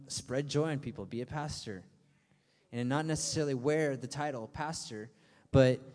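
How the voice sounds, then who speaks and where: A young pastor preaches a youth sermon to his group in a mellow, medium-pitched voice, chatting casually with plenty of fillers and playful asides. He acts out his friends' voices for laughs, and a long hall reverb colors the recording.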